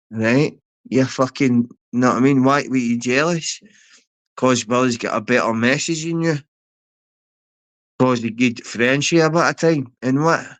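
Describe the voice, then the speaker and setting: Slow, taunting Glaswegian man. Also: mid-range voice, dry recording. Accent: Scottish, Glaswegian. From Scotland. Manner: aggressive, taunting, heavy swearing. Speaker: livestreamer. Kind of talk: confrontational livestream rant.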